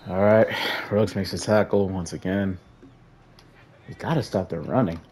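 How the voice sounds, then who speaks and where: Young gaming commentator, male, deep and dark-toned, frustrated running play-by-play of his own match. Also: moderate pace, slight background noise. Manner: frustrated, talks to players on screen, flat sighs between outbursts. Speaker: gaming YouTuber. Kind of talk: casual gameplay commentary.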